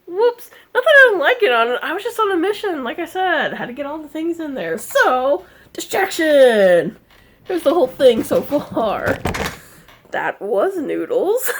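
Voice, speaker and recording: A woman chatting casually in a crafting vlog, easily distracted and laughing often, scolding her cat now and then in a higher voice. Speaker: cross-stitch vlogger.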